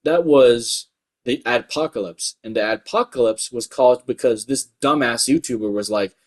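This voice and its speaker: A man's voice: medium pitch, normal speed. A young man with a light voice, ranting profanely in a rambling commentary full of filler words. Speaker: YouTube commentator.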